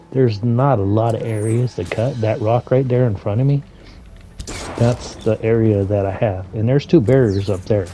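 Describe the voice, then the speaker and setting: A man's voice: fairly low pitch, warm tone, slight background noise. A man giving casual, rambling commentary over video game footage, full of "you know" fillers and mild griping. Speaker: gameplay commentator.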